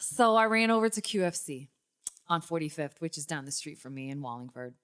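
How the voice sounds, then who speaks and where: A young woman hosting a casual podcast, telling a long story and swinging up into high, excited tones. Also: a little fast, clean tone. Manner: animated storyteller, jumps to high excited pitch. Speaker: podcast host.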